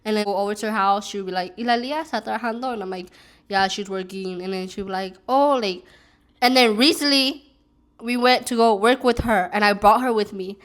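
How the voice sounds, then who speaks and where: A woman's voice: medium pitch, steady tone, fairly quick, fairly bright tone. Rambling young woman telling a story. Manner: rambling, many "like"s and restarts. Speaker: vlogger. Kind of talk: casual storytelling while eating.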